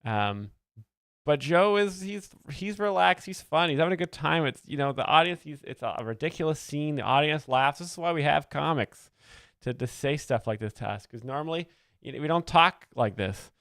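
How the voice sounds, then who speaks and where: A man giving earnest, rambling, deadpan mock-expert commentary as a comedy show host, close to the mic. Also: a little high, normal speed, no echo.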